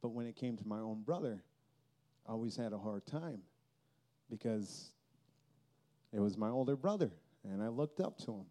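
A man's voice: on the low side, expressive, moderate pace, pauses often, warm tone. A man giving a personal testimony at a Christian youth festival, telling his story earnestly and with feeling.

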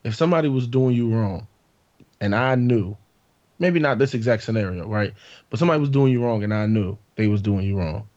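A man's voice: on the low side, a little fast, a little mellow, highs cut off. A man co-hosting a podcast in casual chat, quizzing the others with hypotheticals. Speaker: podcast co-host.

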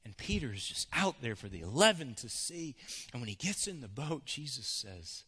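A male pastor preaching a sermon in a church, shifting from hushed to loud. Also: mid-range voice, very animated, moderate pace, slightly rough.

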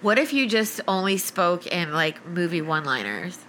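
Woman podcast co-host, bright voice, teasing questions, animated. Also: fairly low pitch, normal speed, a little hiss or hum, low-quality recording. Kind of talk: casual chat.

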